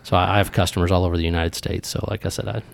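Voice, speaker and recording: A man's voice: sits low, level tone, rapid-fire, vocal fry. A man hosting an interview show, talking in a folksy way and often stammering and repeating words. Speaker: host. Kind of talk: casual interview chat.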